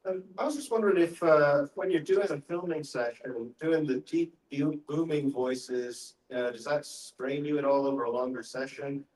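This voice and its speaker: A man's voice: fairly high pitch, moderate pace, few pauses, darkish tone. Man rambling through an audience question. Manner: long, rambling question that circles back on itself. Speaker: fan asking a question. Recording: echoey hall, voice heard from far off.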